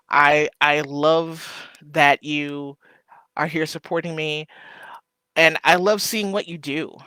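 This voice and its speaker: Bright, heartfelt livestream host. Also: medium pitch, clean tone, no room sound. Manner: rambling and heartfelt, full of ums and shout-outs. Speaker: small shop owner hosting a live stream. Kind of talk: casual livestream chat to viewers.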